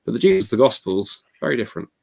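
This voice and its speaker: A man talking fast as a guest on an interview, telling a story with energy and emphasis. He acts out voices as he goes, and his pitch sits in the middle of the range. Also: vocal fry. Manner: animated, acts out quoted voices; emphatic, expressive. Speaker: guest author. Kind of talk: conversational storytelling.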